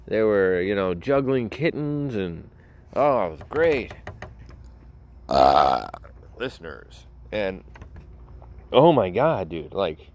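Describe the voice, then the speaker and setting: A man's voice: lowish voice, a little mellow. A young man hosting a casual show, telling rambling, joking stories with many asides and self-interruptions. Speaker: podcast host.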